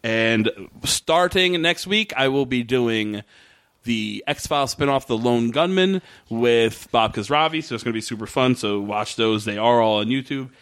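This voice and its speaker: A man hosting a casual podcast chat, swearing freely and backing his guest with quick "yeah, yeah" agreements. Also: medium pitch, a bit bright, clean tone. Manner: profane, agreeable, lots of quick "yeah yeah" backchannels. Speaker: podcast host, comedian.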